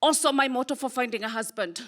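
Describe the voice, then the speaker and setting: A woman from Kenya performing a stand-up comedy set on a club stage, with punchy deadpan delivery and pauses for laughs. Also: sits high.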